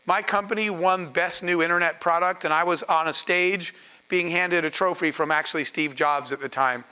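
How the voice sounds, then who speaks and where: Bright, high-voiced storytelling man. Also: rough recording. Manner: animated, acts out dialogue in anecdotes. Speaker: entrepreneur giving a masterclass. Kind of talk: storytelling business talk.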